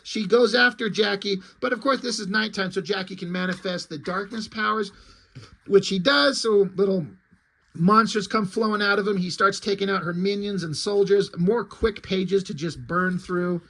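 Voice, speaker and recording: A man's voice: sits high, normal speed, vocal fry, a bit bright. A man reviewing comic books in casual, rambling talk, blunt and opinionated, swearing freely and trailing off into ums and asides.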